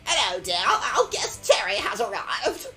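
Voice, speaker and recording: A man's voice: extremely high pitch, huge pitch swings, measured pace, sharp tone, soft background music, pitched above the performer's own voice, full character voice. A man voicing a genteel elderly woman, a trainer's chatty wife, with a sweet, mannered lilt and snippy asides. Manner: sweet, mannered old-lady reading with snippy ad-libs.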